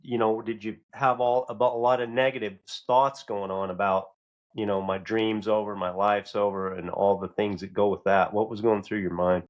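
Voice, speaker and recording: Male podcast host, lower pitch, easygoing searching questions. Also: flat delivery, normal speed, muffled recording. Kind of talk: interview questions.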